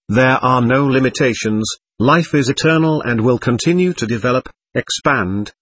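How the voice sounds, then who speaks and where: Man, audiobook narrator, measured reading, lively pitch, husky. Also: no echo.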